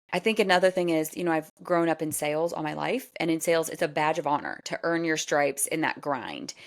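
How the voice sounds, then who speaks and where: Chatty podcast host, woman in her 40s, low voice, animated, laughs a lot. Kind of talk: casual solo podcast talk.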